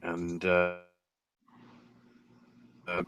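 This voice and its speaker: Slow, low-voiced profane podcast host. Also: male voice, fairly even intonation, a bit bright, no echo. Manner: profane, sarcastic, unhurried drawl. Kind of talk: casual wrestling recap chat.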